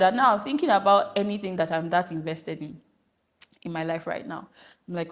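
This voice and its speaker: A young woman from Nigeria hosting a podcast, chatting casually with rambling, animated asides. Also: medium pitch, normal speed. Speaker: podcast host. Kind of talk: casual monologue.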